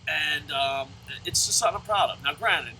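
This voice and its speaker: Man, casual rambling monologue, stammery, very bright tone, faint background noise. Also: on the high side, normal speed. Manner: rambling, stammers and restarts often. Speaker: channel host.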